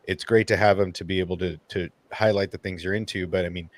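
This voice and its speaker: A man hosting a casual group livestream chat, talking in an animated way and acting out his own nervous thoughts. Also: low voice, fast, no room sound. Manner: animated, acts out nervous inner voices. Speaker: channel host.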